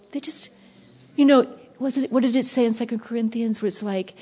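A woman preaching with passion, slipping into hushed whispers and then surging with intensity. Her voice sits on the high side and the recording sounds dull and lo-fi. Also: fairly even intonation, brisk, slightly rough. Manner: passionate, shifting between soft whispers and bursts of intensity. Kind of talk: devotional sermon.

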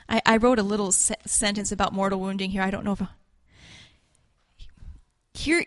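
A woman teaching a class in an informal sermon style, earnest and halting, now and then acting out voices of biblical figures. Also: mid-range voice, big-room sound. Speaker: Bible teacher.

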